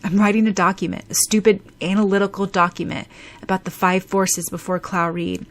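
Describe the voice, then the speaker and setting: A woman's voice: medium pitch, steady tone, a little fast, natural voice. A woman reading an audiobook, voicing a grumpy, harried teenage boy who sounds exasperated and groans his complaints.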